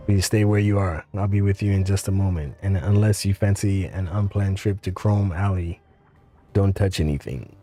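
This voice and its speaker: A man voicing a cultured, polite male tinkerer in a video game, speaking in a pleasant, measured and faintly ironic way. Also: low-pitched, steady tone, warm tone.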